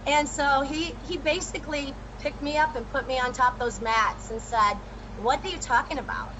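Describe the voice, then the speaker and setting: A woman guest telling her own story in a lively, animated way during a casual chat. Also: high voice, normal speed, dull audio, noisy background.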